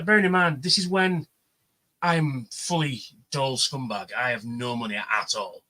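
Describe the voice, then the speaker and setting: A man telling an animated story on a livestream panel, swearing freely and acting out the voices of the people he quotes. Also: medium pitch, moderate pace, rough recording. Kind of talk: casual chat, storytelling.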